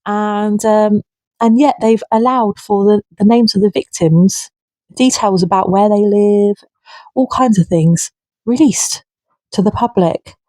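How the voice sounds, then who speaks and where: A woman's voice: mid-range voice, a little slow, warm tone, no room sound. A woman ranting to camera, heated and indignant, swearing freely. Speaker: vlogger. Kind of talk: impassioned political rant.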